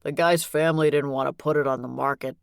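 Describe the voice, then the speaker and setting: Woman playing a guilt-ridden older man in an audiobook: shaky, pleading, a touch raised in pitch, dry close sound. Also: steady tone, fast, creaky, smooth, dry recording. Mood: remorseful.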